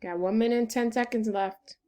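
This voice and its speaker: A woman's voice: a little high, fairly even intonation, warm tone. Patient woman teaching second graders. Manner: clear, patient, encouraging, slow dictation of words. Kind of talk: recorded phonics lesson for children.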